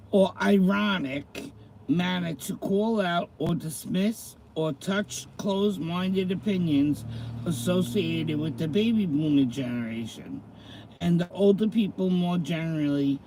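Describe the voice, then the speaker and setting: A middle-aged man hosts a casual livestream in a slightly high, mellow voice. He talks slowly and easily, greets viewers by name and reads slang definitions aloud. Faint noise sits under his voice. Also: low-quality recording. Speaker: livestream host.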